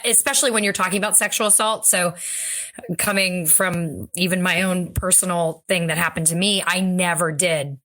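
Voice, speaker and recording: A woman's voice: on the low side, steady tone, moderate pace, fairly bright tone. A woman co-hosting a podcast, talking thoughtfully and thinking aloud with restarts. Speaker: podcast co-host. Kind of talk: casual conversational discussion.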